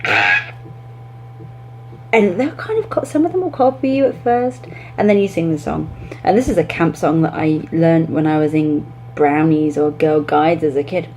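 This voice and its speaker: A young woman, an English teacher, giving classroom tips in a chatty way, breaking into lively demonstrations. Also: low voice, normal speed, slight background noise, rough recording.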